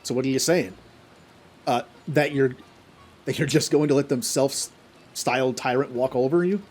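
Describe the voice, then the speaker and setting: A man voicing a cowering, whining male kobold, reading the lines haltingly with stumbles and husky tone. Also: medium pitch, darkish tone, close to an everyday voice. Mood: fearful.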